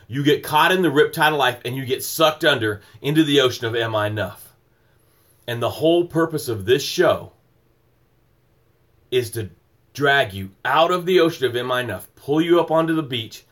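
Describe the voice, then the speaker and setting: A man's voice: mid-range voice, a bit bright. Emphatic motivational male livestream host. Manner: emphatic, rhythmic, repetitive preaching cadence; greets viewers by name mid-flow.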